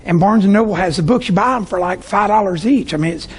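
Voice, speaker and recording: A man's voice: sits high, quick pace, slightly rough. A middle-aged man from Tampa, Florida, speaking to business owners in a storytelling sales talk and acting out his customers' voices. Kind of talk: sales talk to a live audience.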